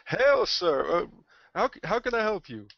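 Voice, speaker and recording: Man doing a friendly holy man at the gaming table, lifted and hearty, gravelly edge, dry lo-fi mic. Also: sits high, big pitch swings, moderate pace, dry recording, pitched above the performer's own voice. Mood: cheerful greeting. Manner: hearty, soothing, old-fashioned. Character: genial male human priest, a peacemaker.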